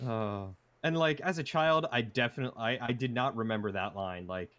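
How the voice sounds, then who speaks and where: A man chatting casually about a film he just watched while doing a jigsaw puzzle with a friend, recounting scenes in a relaxed way. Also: mid-range voice, brisk, no room sound. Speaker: co-host.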